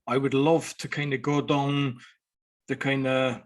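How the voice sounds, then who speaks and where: A man's voice: medium pitch, flat delivery, measured pace. A man hosting a podcast interview, talking in a loose, conversational way with many fillers. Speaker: podcast host. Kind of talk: casual interview chat.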